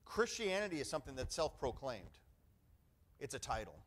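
A man's voice: mid-range voice, big pitch swings, moderate pace, fairly bright tone, a little hiss or hum. Emphatic male pastor preaching. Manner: emphatic preaching with call-and-response "amen". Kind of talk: sermon.

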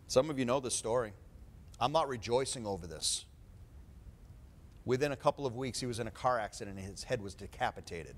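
A male preacher delivering a fervent sermon full of rhetorical questions, swinging between quiet talk and loud preaching. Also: medium pitch, animated, brisk, slight background noise.

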